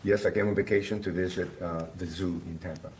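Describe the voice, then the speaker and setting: A man with a very deep voice interpreting in court, moving quickly and briskly between questions and answers. There is a faint hum of noise behind him. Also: fairly even intonation, darkish tone. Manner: quick and businesslike, with frequent "uh" fillers.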